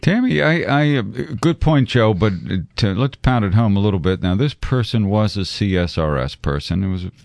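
Low-voiced, jokey male radio host. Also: expressive, normal speed, hardly any pauses, a little mellow, no room sound, studio quality. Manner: jokey, rambling, lots of fillers. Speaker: radio talk show host. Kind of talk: live radio call-in talk show.

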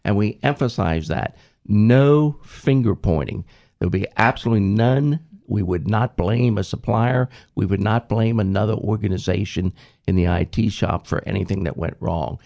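A man, a former government IT leader, explaining his approach in a measured, methodical way with frequent ums and restarts. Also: lowish voice, vocal fry, darkish tone. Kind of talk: reflective interview answer.

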